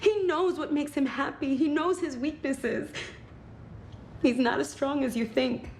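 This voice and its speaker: Brief: a young woman defending her fiancé in a hospital drama, insistent, higher voice. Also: steady tone, unhurried, a little mellow, a little hiss or hum. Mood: earnest. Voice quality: earnest, insistent. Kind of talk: TV medical drama acting.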